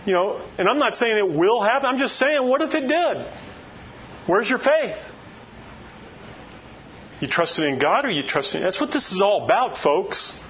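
An older man delivers a folksy sermon, peppering it with rhetorical questions. His voice sits a bit high for a man. The recording is dull and lo-fi, with a faint hiss underneath. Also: sing-song, normal speed, long pauses. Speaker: preacher.

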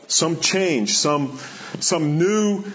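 This preacher speaks very slowly in a slightly high, bright, expressive voice, delivering an earnest sermon that repeats key phrases and rises and falls for emphasis. The sound is dull and lo-fi.

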